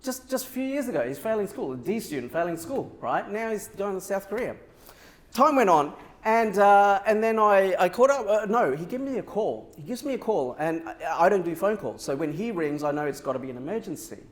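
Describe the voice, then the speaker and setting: A man giving a motivational keynote on a conference stage, telling a story in a lively way and acting out the dialogue. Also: high-pitched, fairly quick. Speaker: keynote speaker.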